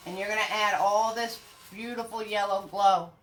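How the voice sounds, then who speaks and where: A woman's voice: mid-range voice, fairly even intonation, moderate pace. A woman teaching a live painting lesson, chatting and greeting viewers by name with pet names like sweetie and hon. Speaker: painting instructor. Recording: echoey room with faint music.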